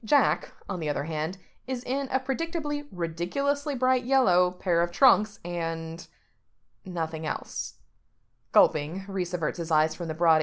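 A woman narrating a story aloud with steady, expressive delivery. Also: on the low side.

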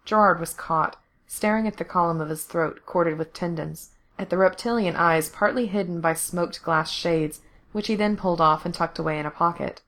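A woman narrating fan fiction aloud in an even, steady reading voice. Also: lowish voice, normal speed.

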